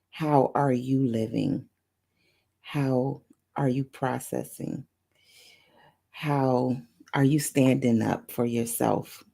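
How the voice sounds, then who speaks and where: A woman's voice: deep voice, vocal fry, a little mellow. A woman hosting a live motivational affirmation stream, repeating phrases in a preacher-like call-and-response. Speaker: motivational talk show host.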